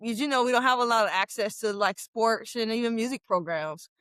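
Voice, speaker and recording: A young woman from Memphis, a former football captain, telling her story as a lively interview guest who laughs often. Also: a little high, a little fast, clear, resonant tone, no room sound. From Memphis, USA. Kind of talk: casual interview talk.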